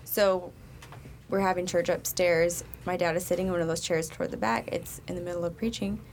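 A woman on a casual podcast chat, telling a church story in an animated way and laughing often. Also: on the low side, fairly quick, slight background noise.

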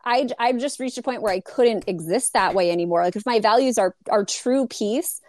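A woman's voice: on the high side, normal speed, darkish tone. A young adult woman from California, a podcast guest talking candidly in casual conversation and laughing often.

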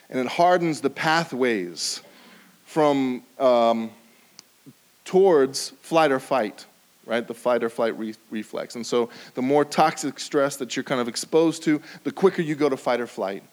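A man preaching a sermon, with sudden rises in pitch and volume and drops to a quiet, low voice for emphasis. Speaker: pastor.

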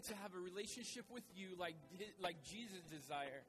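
A man's voice: high voice, lively intonation, fairly quick, few pauses, a bit bright, soft background music. A male pastor preaching a sermon in a conversational way, repeating his key phrases for emphasis.

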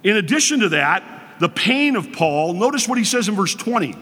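Earnest high-voiced preacher in a reverberant hall. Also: male voice, very animated, a little fast, fairly bright tone, breathy edge. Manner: earnest, emphatic, addresses congregation directly. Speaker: pastor. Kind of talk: sermon.

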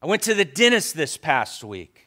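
Male pastor, high and bright voice, conversational sermon delivery with repeated emphatic phrases. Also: big pitch swings, moderate pace.

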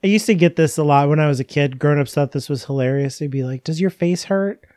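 A man's voice: a little high, fairly even intonation, fast talker, darkish tone, no echo, studio quality. A man co-hosting a podcast, joking and laughing through casual talk about a book. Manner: joking, laughs often, rambling asides. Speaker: podcast co-host. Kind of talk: casual book-club chat.

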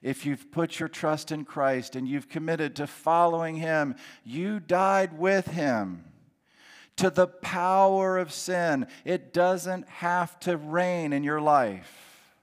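A man's voice: fairly high pitch, big-room sound. A male pastor preaching a sermon, reading scripture and repeating key phrases for emphasis. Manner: deliberate preaching with emphatic repetition.

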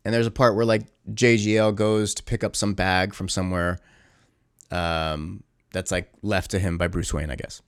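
Casual male reviewer, lowish voice, dry close sound, rambling sarcastic recap. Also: fairly even intonation, moderate pace, clean tone, no room sound. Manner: rambling, sarcastic, lots of fillers. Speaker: movie reviewer.

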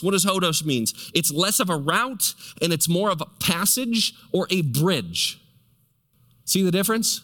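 A man preaching a sermon, asking the congregation rhetorical questions and slowing down to stress key words. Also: sits high, animated, fairly bright tone. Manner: stretches key words slowly for emphasis. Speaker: pastor. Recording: long hall reverb.

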